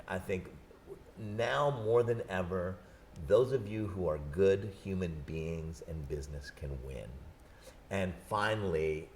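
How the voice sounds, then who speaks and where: A man in his thirties, a book's author, talking in an animated, jokey way in an interview on a set. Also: low-pitched, a little hiss or hum. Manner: animated, jokey, quick bursts. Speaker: author guest. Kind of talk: conversational interview. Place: studio set.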